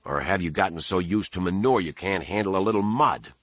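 A man voicing a tough male space smuggler in a gruff, dismissive way. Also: low voice, brisk, no echo, clean studio sound.

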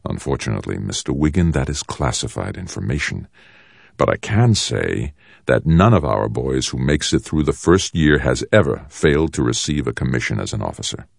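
A man voicing a calm, stern military colonel who speaks in a measured, controlled way. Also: a bass voice, creaky, no room sound, studio quality, heavily acted. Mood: cool, stern.

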